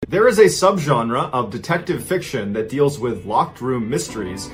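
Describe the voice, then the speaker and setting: A man's voice: mid-range voice, expressive, moderate pace, faint music behind. A man hosting a storytelling show, recounting a true crime story in a conversational style with dramatic emphasis on key lines. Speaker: host and storyteller.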